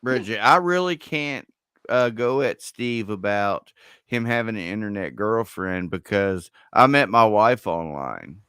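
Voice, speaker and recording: A middle-aged man with a bright, crisp voice that jumps around in pitch. He talks emphatically and jokes with the panel over a video call, and his sound is dry. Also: lively intonation, measured pace, no room sound. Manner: emphatic, joking. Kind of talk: casual panel chat.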